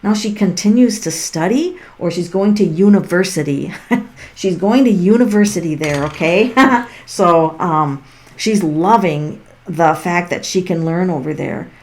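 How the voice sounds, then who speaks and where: A woman's voice: on the low side, unhurried, a little mellow. A middle-aged woman giving tarot readings on a home livestream, chatty and rambling and often laughing, speaking into a laptop mic. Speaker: tarot reader hosting a live stream. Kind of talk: casual livestream chat while giving readings. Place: at home on a farm. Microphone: laptop built-in mic.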